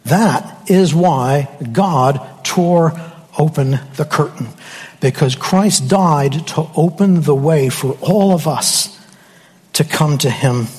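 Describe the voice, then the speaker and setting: A man preaching a sermon slowly and emphatically, with dramatic pauses. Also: a little high, darkish tone, breathy edge, big-room sound.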